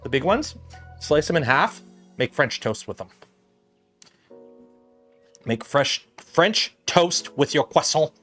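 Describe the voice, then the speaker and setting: Working at his bench, this Canadian livestream host chats in a meandering way full of "like" and "uh." His voice is medium-pitched and fairly bright, his pace moderate with frequent pauses, and faint music is audible.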